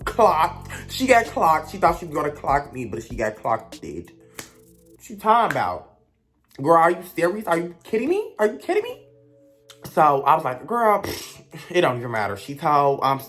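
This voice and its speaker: A young woman, telling a blunt, gossipy storytime rant as a vlogger. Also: sits low.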